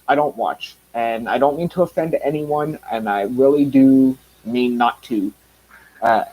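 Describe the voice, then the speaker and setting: A man's voice: medium pitch, darkish tone, low-quality recording. A Canadian man with a mild Canadian accent talking casually to his viewers, rambling with lots of ums, restarts and blunt remarks. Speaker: reviewer.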